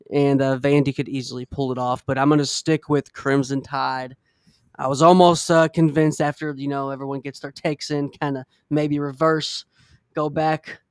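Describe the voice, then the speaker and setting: A man's voice: medium pitch, clean tone, no room sound, studio quality. A man hosting a casual sports podcast, rambling a bit and saying "man" often. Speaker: podcast host.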